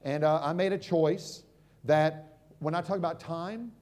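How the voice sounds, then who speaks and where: A middle-aged American man giving a motivational seminar talk, quizzing the crowd and swinging from loud punches to hushed moments. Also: on the high side, unhurried. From United States. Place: stage at a live seminar.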